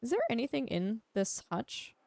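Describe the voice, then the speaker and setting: A woman livestreaming a game, chatting casually and teasingly with her viewers, with quiet music behind her. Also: on the high side, normal speed, creaky, a little hiss or hum. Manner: chatty, animated, teasing, talks to chat. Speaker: streamer. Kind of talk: casual livestream chat while gaming.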